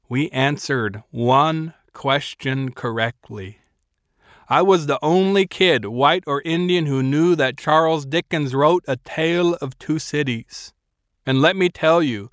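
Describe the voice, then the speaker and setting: A man's voice: on the high side, fairly bright tone, no room sound, studio quality. A man narrating a first-person audiobook in a wry, self-mocking storytelling manner.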